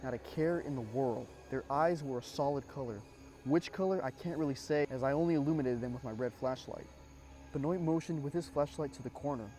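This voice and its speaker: A man tells a spooky war story in the first person, measured and suspenseful. His voice is dark and mellow at a middle pitch, and soft music plays underneath. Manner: measured, suspenseful, with casual asides. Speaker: horror story narrator.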